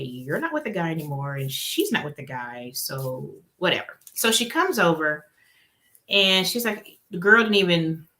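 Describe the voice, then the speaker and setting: A woman's voice: fairly low pitch, pushed and bright. A middle-aged woman telling a story casually and acting out the other people's voices.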